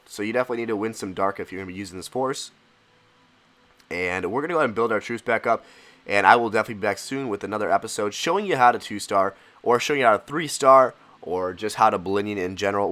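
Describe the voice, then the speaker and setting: A congested young man with a cold, casually commenting on his own gameplay as a channel host. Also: lowish voice. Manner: excitable, casual.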